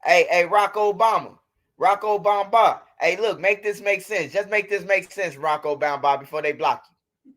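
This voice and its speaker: A Chicago-accented man with a high, fairly bright voice talks at a moderate pace. As commentary host of a street news channel, he runs a laid-back livestream where he ridicules his critics and trash-talks them over and over.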